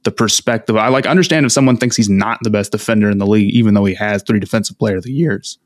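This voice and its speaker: A man's voice: on the low side, fast, no echo, studio quality. A man hosting a casual podcast chat, easygoing and thinking aloud. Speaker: podcast host.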